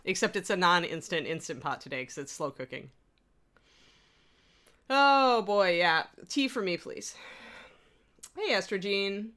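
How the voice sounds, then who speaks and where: A woman's voice: on the low side, lively intonation, a little slow, pauses often, a bit bright. A woman hosting a hobby livestream in casual chat, rambling and laughing often as she reads out and answers chat messages. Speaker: livestream host.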